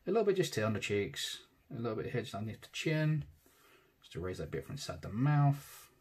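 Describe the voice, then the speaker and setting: Husky man talking through a drawing tutorial. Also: on the low side, big pitch swings, a little fast. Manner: casual, thinks aloud, trails off softly. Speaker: tattoo artist teaching digital drawing. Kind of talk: relaxed real-time drawing tutorial.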